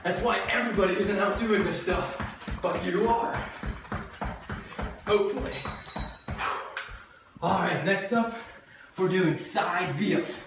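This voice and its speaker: A woman's voice: fairly low pitch, slow, long pauses. A woman fitness instructor coaching a workout while she does it, upbeat, chatty and joking as she cues each move. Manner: upbeat, chatty and jokey, cueing moves as she does them. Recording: very echoey room, distant mic, audible noise.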